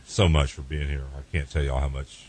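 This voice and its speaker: A man hosting a radio show, with easygoing, halting patter in the studio. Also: extremely low pitch, flat delivery, a little mellow, slight background noise. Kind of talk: casual radio interview.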